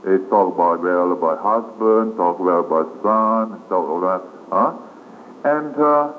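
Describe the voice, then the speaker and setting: A man, a Buddhist monk, giving a dharma talk slowly with frequent questioning "hmm?" and "huh?" tags. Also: deep voice. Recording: tinny lo-fi 1980s tape with faint hiss.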